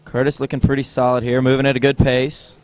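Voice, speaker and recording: A man's voice: medium pitch, quick pace, smooth. A man giving joking live commentary on a water ski tournament, with a wry, teasing delivery. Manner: wry, teasing, deadpan jokes.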